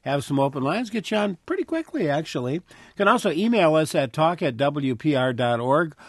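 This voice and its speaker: A male public radio host runs a call-in show, reading out numbers and welcoming callers in an announcer's manner. His voice is a touch high. The studio sound is dry and close. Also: sing-song, no echo. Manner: friendly announcer reads, quick plugs.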